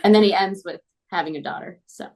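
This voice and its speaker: A woman's voice: medium pitch, fast talker, a little mellow. A woman talking casually about a lesson she had as a student, with many fillers. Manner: chatty, full of fillers like "like" and "um". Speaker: former student. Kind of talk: casual conversation.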